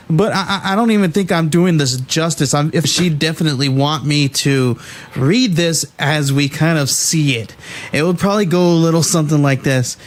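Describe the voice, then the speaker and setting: Man, podcast host, comic review, animated, stumbling restarts, slightly high pitch. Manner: animated, halting with many restarts, laughs at the text. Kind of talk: casual podcast review, reading comic dialogue aloud.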